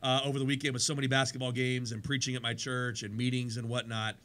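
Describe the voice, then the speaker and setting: Bright-voiced energetic radio host. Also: male voice, medium pitch, quick pace. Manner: energetic, rambling, chatty. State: tired, voice worn from talking. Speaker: radio show host and pastor. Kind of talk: casual sports radio chat. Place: radio studio.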